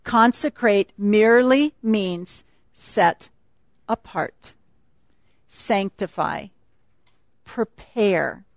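A woman's voice: medium pitch, expressive, very slow, creaky, long pauses, no echo. A woman speaking at a retreat, teaching a Bible passage in a chatty, laughing sermon style.

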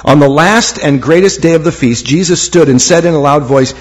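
A man's voice: a little high, a little fast, hardly any pauses. A man preaching a sermon as pastor, reading scripture aloud in a church and lifting key phrases for emphasis. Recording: long hall reverb.

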